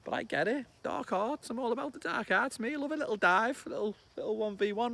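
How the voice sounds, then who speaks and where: Brief: high-voiced Scouse lad in his thirties, excitable and sweary, ranting about football outdoors. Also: a little fast, creaky, hardly any pauses, dry recording. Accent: Liverpool. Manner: excitable, chatty, swears, loud bursts. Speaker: football fan vlogger. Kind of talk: casual match reaction vlog. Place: outdoors among trees.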